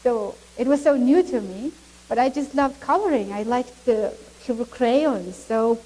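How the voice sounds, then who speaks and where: A middle-aged woman with a Mongolian accent tells her story to a church, animated and quick to laugh. Her voice sits a little high but sounds mellow. English is her second language. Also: poor audio. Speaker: guest speaker. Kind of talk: church testimony.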